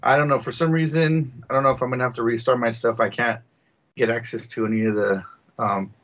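Male co-host on a muffled call line, halting and unsure. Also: mid-range voice, fairly even intonation, a bit bright. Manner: confused, repeating checks. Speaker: podcast co-host. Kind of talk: casual chat over a video call. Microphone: video call.

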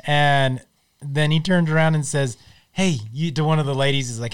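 A man's voice: fairly high pitch, moderate pace, clear, resonant tone. Casting: male podcast co-host, easygoing storyteller, chuckles through his retellings. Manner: retells cartoon scenes, laughing at own jokes. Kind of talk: casual chat.

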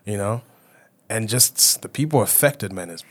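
Animated storytelling podcast man. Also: fairly low pitch, normal speed. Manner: animated storyteller, acts out quoted voices, swears. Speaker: podcast co-host. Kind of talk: casual chat.

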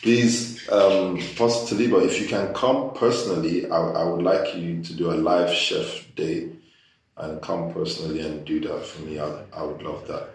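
A man hosting a casual chat, animated and joking as he tells stories with disbelief. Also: sits low, normal speed. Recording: echoey room, mic far off.

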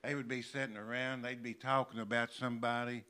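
An older man from Kentucky preaching a sermon in a church, slowly stressing and repeating key words. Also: medium pitch, flat delivery, sharp tone. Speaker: pastor. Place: church sanctuary.

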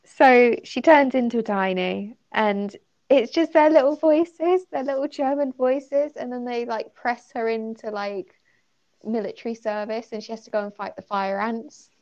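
Giggly woman with a gravelly voice. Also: a little high, moderate pace, darkish tone. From United Kingdom. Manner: giggly, chatty, with many fillers. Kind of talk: casual chat reviewing a story. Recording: slightly muffled lo-fi recording.

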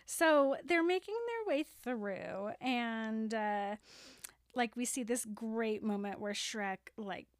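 A young woman chats through a movie plot, slipping into the characters' lines as she goes. Her voice sits a bit high and the recording is dry and close, with no room sound. She keeps it loose and chatty, full of "like". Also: slow, dry recording. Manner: animated retelling, acting out characters' lines with lots of "like". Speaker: podcast co-host retelling a film. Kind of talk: casual chat, recapping a film plot.

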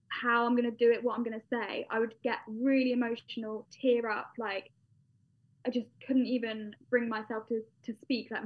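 Chatty young British woman, lo-fi. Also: fairly high pitch. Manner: chatty, with frequent fillers and laughs. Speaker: guest. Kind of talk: casual personal storytelling. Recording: dull lo-fi sound.

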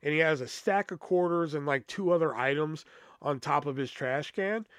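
A man's voice: a little high, normal speed, clear, resonant tone, dry recording, clean studio sound. A young man hosting a podcast, telling a rambling, swear-filled story with lots of fillers. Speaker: podcast host. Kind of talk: casual comic storytelling.

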